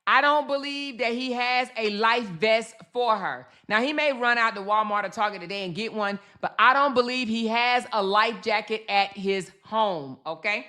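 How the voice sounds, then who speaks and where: Bright-voiced woman giving heated commentary. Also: on the high side, moderate pace, few pauses. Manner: fired up, emphatic, swearing, acts out quotes. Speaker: commentary host. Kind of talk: reaction commentary.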